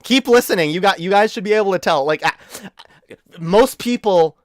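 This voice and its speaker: A tipsy man hosting a reaction livestream, boastful and excitable, swearing freely. His voice sits fairly high. The sound is dry and close to the mic. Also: normal speed, no echo. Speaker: streamer.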